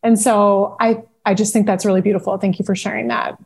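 A woman's voice: medium pitch, little pitch movement, a little fast, creaky, a little mellow, slightly rough. A woman hosting an interview show, asking questions in a reflective, conversational way and saying "like" often. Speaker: podcast host. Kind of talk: interview chat.

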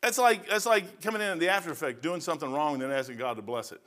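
A man in his sixties preaches in a folksy, rambling manner, often wandering into joking asides. His voice sits somewhat high and has a bright, forceful edge. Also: fast talker. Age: 60s. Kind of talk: informal sermon.

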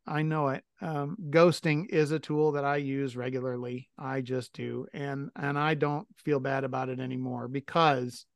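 A man's voice: medium pitch, little pitch movement, moderate pace, gravelly, few pauses, no echo. Blunt, profane middle-aged man. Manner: blunt, profane, self-deprecating storyteller. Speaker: podcast co-host. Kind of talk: casual chat.

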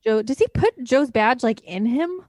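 Chatty woman, slightly high voice. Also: expressive, moderate pace, darkish tone, no room sound, studio quality. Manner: chatty, laughs often, wry asides. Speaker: podcast co-host. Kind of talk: casual movie recap chat.

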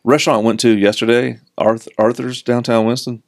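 A man's voice: mid-range voice, little pitch movement, brisk. A middle-aged man with a Southern American accent, joking and rambling as a podcast co-host. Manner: rambling, jokey, plays voices in quotes. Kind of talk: casual podcast banter.

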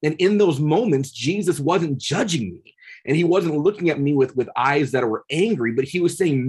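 Earnest husky-voiced man telling a story. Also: a little high, lively intonation, normal speed, a little mellow. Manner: earnest, repeats words often, builds to passionate peaks. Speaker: podcast guest. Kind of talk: casual conversation, storytelling.

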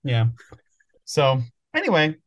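A man's voice: fairly high pitch, wildly swooping pitch, slow pace, dull audio. A man co-hosting a podcast, telling stories in a rambling, thinking-aloud way during casual chat. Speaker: podcast co-host.

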